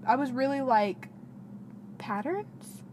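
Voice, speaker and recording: A woman's voice: high voice, slow. A young woman co-hosting a podcast, chatting casually and telling stories with laughter. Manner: animated, laughing, playful storytelling. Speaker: podcast co-host. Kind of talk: casual chat. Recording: background noise.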